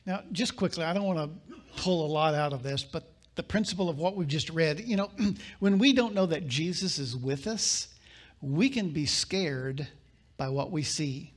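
Reading scripture from the pulpit, this male pastor leans on dramatic pauses broken by abrupt bursts of emphasis. His voice is a little high.

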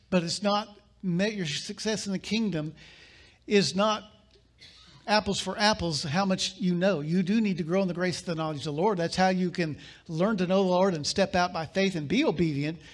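High-voiced male pastor preaching. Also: fairly even intonation. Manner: reads scripture aloud with dramatic pauses and sudden bursts. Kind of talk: sermon.

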